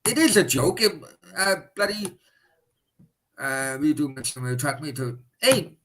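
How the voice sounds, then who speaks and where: A man's voice: fairly high pitch, animated, unhurried, a bit bright, low-quality recording. A man hosting a live stream, answering viewer questions in blunt, casual chat and swearing freely.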